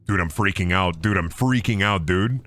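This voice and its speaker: With a low, fairly bright voice at normal speed, this man streams a game and talks casually the whole time. His live-stream banter mixes jokes, curse words, and goofy sing-song voices.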